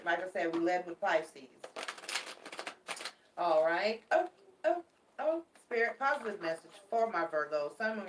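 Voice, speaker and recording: A woman's voice: on the low side, far from the mic, noisy background. A woman giving a casual tarot reading, chatty and affectionate, repeating her warnings for emphasis and calling her viewers babies. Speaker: tarot card reader. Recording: echoey room, mic set back.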